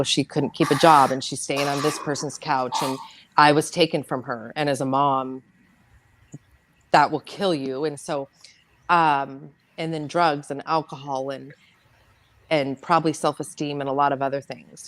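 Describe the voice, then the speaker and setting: A middle-aged woman, a podcast guest, tells a personal story in a halting, emotional way, with many fillers and restarts. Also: low voice, flat delivery, slight background noise.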